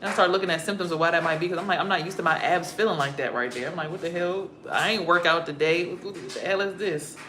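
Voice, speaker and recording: A woman's voice: lowish voice, quick pace, hardly any pauses, slight background noise. Casual profane woman telling a spiritual story. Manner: profane, animated, acts out her own quoted reactions. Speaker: spiritual vlogger.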